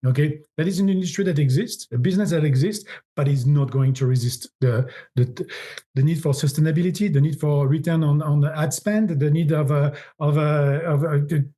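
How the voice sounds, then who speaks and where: A man's voice: fairly high pitch, a little fast, warm tone. A middle-aged man with a French accent, a guest in a podcast interview, talking animatedly and often repeating words as he searches for phrasing. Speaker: agency founder, guest.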